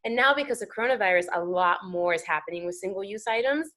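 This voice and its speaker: An American actress talking as a guest on a talk show, animated and chatty with lots of fillers. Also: female voice, medium pitch, quick pace. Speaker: guest actor. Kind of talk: casual interview chat.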